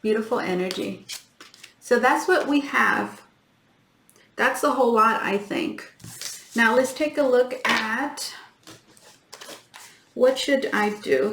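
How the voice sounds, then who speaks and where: A woman giving a tarot reading to her viewers, talking in halting starts and repeats and often addressing them as guys. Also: a little high, roomy sound, noisy background. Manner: halting, repeats herself, keeps saying "guys". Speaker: tarot reader.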